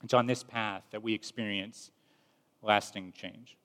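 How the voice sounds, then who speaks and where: A man's voice: on the low side, fairly even intonation, fairly bright tone. Earnest man preaching with reverb. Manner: measured, earnest storytelling. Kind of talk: sermon with story retelling. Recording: long reverb.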